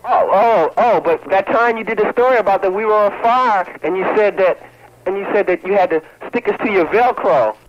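A man's voice: high voice, moderate pace, noisy background. A man calling in to a comedy radio show, indignant and insistent, threatening the host. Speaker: caller. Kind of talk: comedy phone-in call. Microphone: phone line. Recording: dull phone-line audio.

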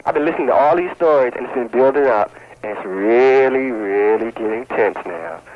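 A man's voice: medium pitch, expressive, fairly quick. A man calling in to a comedy radio show, indignant and insistent, threatening the host. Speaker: caller. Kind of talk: comedy phone-in call. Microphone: phone line. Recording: dull phone-line audio.

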